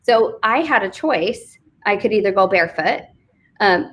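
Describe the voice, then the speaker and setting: A woman's voice: medium pitch, expressive, moderate pace. A woman from Texas, an author and business coach, telling a candid, self-deprecating story in a casual interview on a live online stream. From Fort Worth, Texas. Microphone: live online video stream.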